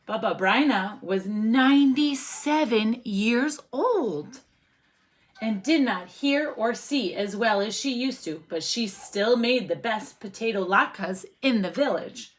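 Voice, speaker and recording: A woman teacher reading a picture book aloud to children, expressive and often asking the listeners questions. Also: on the high side, slow.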